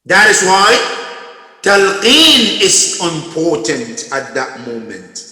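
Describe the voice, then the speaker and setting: A man preaching a slow, unhurried storytelling sermon, his voice bright and somewhat higher than most. He swings from loud, raised lines to hushed near-whispers. The recording rings with a long hall reverb. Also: sing-song. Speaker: religious lecturer.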